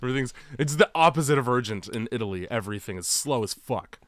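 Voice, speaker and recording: A man co-hosting a horror movie podcast, cracking quick jokes in casual chat. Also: medium pitch, lively intonation, fairly bright tone, no echo. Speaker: podcast co-host.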